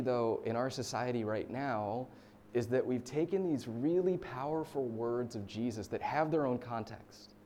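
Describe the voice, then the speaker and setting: Chatty man preaching, mellow voice. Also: medium pitch, slight background noise. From United States. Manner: chatty storytelling with fillers and laughs. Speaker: pastor. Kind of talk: casual sermon.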